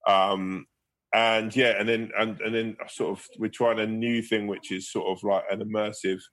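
A man's voice: on the low side, level tone, normal speed, fairly bright tone. A man, a guest comedian, telling rambling anecdotes in a casual interview, laughing and swearing as he goes.

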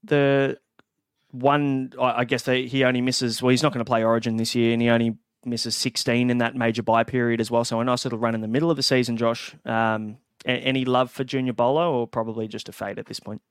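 A man hosting a casual fantasy sports podcast, relaxed and passing questions to his co-hosts. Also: medium pitch, a little fast, clean tone, no echo, clean studio sound. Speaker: podcast host.

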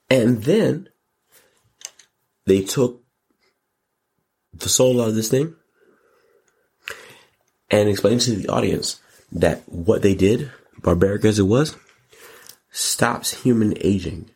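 A man with a low, slightly husky voice talks straight to his audience as the host of his own show. He reviews a film in loose, slangy bursts and hammers his points home by repeating words. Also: a little slow, long pauses, a little mellow. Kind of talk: casual movie review monologue.

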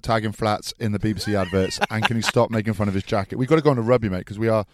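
A man's voice: lowish voice, racing, background noise. A man, a former rugby player, chatting easily on a podcast, teasing his co-host and telling anecdotes from his playing days. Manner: easygoing, teasing, tells anecdotes. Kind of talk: casual chat.

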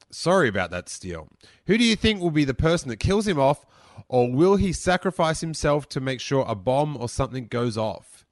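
A man's voice: medium pitch, no room sound, studio quality. A young man hosting a podcast, answering listener questions in a rambling, chatty, self-amused way. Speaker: podcast host. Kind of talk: casual listener Q&A chat.

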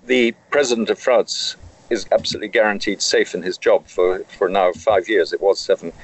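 Deep husky guy explaining stuff slowly, lots of uhs and restarts. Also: low-quality recording. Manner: measured, with frequent hesitations. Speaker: correspondent in France. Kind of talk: interview answers.

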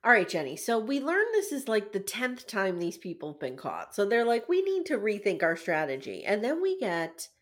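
A woman co-hosting a podcast in casual chat, easygoing and quick to laugh. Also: medium pitch, sing-song. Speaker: podcast co-host.

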